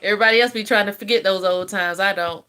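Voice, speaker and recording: A woman's voice: medium pitch, fast, bright, forceful tone, clear, resonant tone. An older woman with a Southern US accent, chatting and telling stories to live viewers while she eats, laughing often. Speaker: host of a live eating stream. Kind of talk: casual chat with live viewers.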